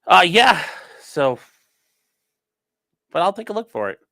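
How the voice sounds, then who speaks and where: Bright-voiced man chatting on a livestream. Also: sits high, sing-song, slow. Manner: loose, chatty, reads out viewer comments. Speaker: lawyer streaming a trial with live chat. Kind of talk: casual livestream chat.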